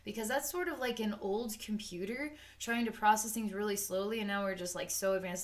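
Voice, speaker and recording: A woman's voice: mid-range voice, brisk. Rambling woman giving a psychic reading. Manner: rambling and unscripted, with many "um"s and "like"s; acts out the chakras in quoted asides. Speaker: psychic reader. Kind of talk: spoken energy-healing session.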